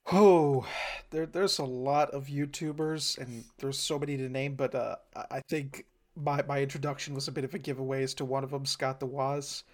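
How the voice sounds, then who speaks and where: A man's voice: medium pitch, fairly even intonation, normal speed. A man co-hosting a podcast, chatting casually and enthusiastically, often repeating a word as he restarts a sentence. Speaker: podcast co-host. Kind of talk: casual chat.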